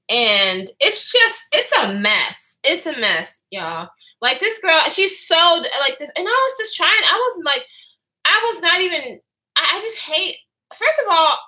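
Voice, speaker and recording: A woman's voice: high voice, sharp tone. A woman in her twenties chatting in a candid storytime vlog, profane and chatty, answering comments. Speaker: vlogger. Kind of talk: storytime chat with live comments.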